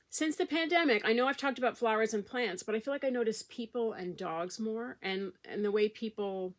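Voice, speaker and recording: A woman's voice: mid-range voice, fairly quick, pushed and bright. A middle-aged woman vlogger chatting casually to camera, telling a rambling personal story with fillers and restarts.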